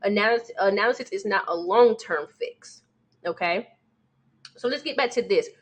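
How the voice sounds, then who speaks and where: A woman's voice: medium pitch, normal speed. A woman, a forex trading coach, going over charts on a live stream in a casual way and speaking straight to her viewers. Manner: casual, talks to viewers, calls them sweetie and baby.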